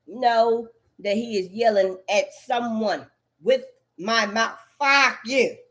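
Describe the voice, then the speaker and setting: A woman's voice: medium pitch, slow pace, fairly bright tone. A woman in a rambling, profane monologue, full of cursing and repetitive outbursts.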